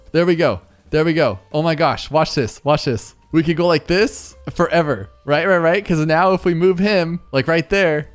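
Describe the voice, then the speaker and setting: Excitable gaming commentator, smooth higher voice. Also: male voice, moderate pace, few pauses, soft background music. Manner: excitable, talks to viewers while playing. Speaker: gaming YouTuber. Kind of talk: video game commentary.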